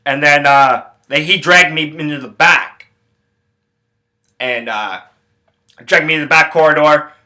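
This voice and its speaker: A man's voice: on the high side, unhurried, pauses often. Swearing young man telling a wild story. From Canada. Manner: profane, rambling, animated retelling. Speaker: podcast host. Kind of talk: casual storytelling.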